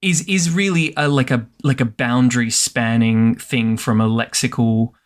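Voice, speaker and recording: A man's voice: medium pitch, steady tone, moderate pace. An Australian man from Perth co-hosting a casual podcast, wry and joking as he thinks aloud. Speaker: podcast co-host.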